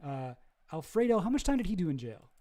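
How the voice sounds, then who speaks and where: A man's voice: high-pitched, sing-song, fast, warm tone. A man streaming casual commentary, rambling and hesitant, swearing freely.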